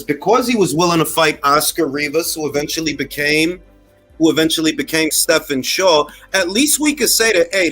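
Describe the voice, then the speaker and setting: A man's voice: fairly high pitch, fairly bright tone, breathy edge. A man hosting a casual boxing talk livestream, speaking conversationally, repeating phrases and tossing slangy asides to his chat. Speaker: boxing talk show host.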